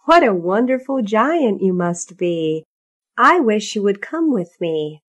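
A woman's voice: mid-range voice, big pitch swings, takes it slowly. A woman voicing Hans, an eager and polite young man, in a storybook reading. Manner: eager and admiring.

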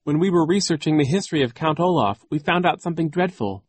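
Man doing a pleading young boy: high, loud, desperate. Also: expressive, fast talker, breathy edge, no room sound. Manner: pleading, urgent.

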